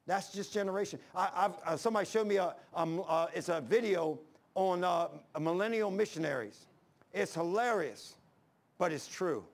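A man's voice: high-pitched, normal speed. A man, preaching a sermon as pastor in an impassioned, folksy storytelling way.

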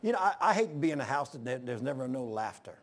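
Speaking fast and very animated, an older man preaches an informal sermon with a mid-range voice. He tells folksy stories, breaking into loud exclamations and chuckles along the way.

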